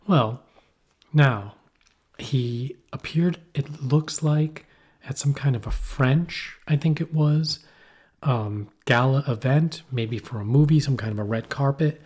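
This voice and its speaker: A man co-hosting a casual podcast, rambling through an animated story with playful asides. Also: medium pitch, takes it slowly, breathy edge. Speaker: podcast co-host. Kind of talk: casual conversational podcast chat. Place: poorly heated shack.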